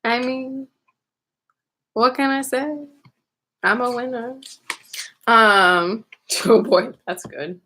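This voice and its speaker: A woman's voice: fairly high pitch, fairly even intonation, slow pace, long pauses, sharp tone. Playful woman in party-game banter. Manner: playful, laughing, reads cards aloud.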